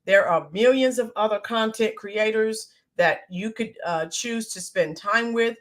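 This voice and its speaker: This is an American woman hosting a live stream, speaking in a slightly high voice. She chats casually and greets her viewers one by one with plenty of ums and uhs. Her voice is a little hoarse, worn from shouting the day before. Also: unhurried. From United States. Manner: greets viewers by name, chatty with filler ums. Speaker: livestream host.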